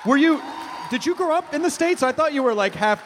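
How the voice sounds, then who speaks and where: A man's voice: very high-pitched, lively intonation, fairly quick, a faint crowd, slight background noise. A man hosting a live podcast, asking questions and laughing easily. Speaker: host. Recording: live theater with hall reverb.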